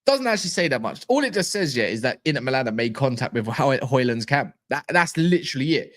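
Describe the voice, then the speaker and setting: A man's voice: mid-range voice, a little fast, few pauses. A young man chatting casually on a football fan live stream, joking and bantering in slang. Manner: animated, jokey, slangy banter.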